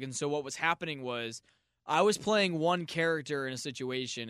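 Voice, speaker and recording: Bright-voiced American man joking around. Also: on the high side, clean tone, dry recording, clean studio sound. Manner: rambling, jokey, quick to riff. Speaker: podcast co-host. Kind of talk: casual comedic chat.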